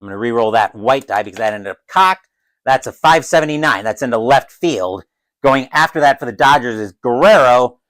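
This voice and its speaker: A man calling a tabletop dice baseball game as a solo play-by-play announcer, who gets loud and excited on big plays. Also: mid-range voice, a little fast, low-quality recording. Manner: adds his own crowd cheers.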